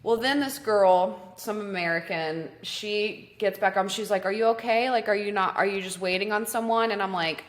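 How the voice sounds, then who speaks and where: A woman co-hosting a podcast, telling a story in casual chat, animated and swearing freely. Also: mid-range voice, normal speed, few pauses. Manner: animated, swears freely, acts out quoted voices. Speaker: podcast co-host.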